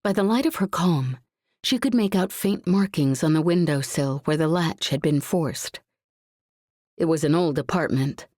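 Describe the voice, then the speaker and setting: A woman narrating a suspenseful science fiction audiobook in a measured, tense reading. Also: low voice, a little mellow, dry recording, clean studio sound.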